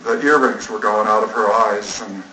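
A man's voice: lowish voice, steady tone, normal speed, pushed and bright. A man telling a personal story in a sermon, earnest and rambling, acting out the dialogue. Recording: roomy, distant mic, faint noise.

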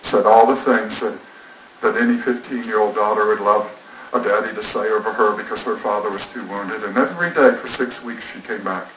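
A man's voice: fairly low pitch, steady tone, fairly quick, a bit bright. A man telling a personal story in a sermon, earnest and rambling, acting out the dialogue. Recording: roomy, distant mic, faint noise.

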